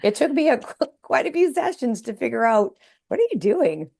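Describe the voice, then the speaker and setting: A Canadian woman guesting on a podcast tells a personal story in casual interview chat, her voice on the high side, gravelly and darkish, with big pitch swings at a normal speed. She restarts often, uses hesitant fillers, and acts out quoted voices.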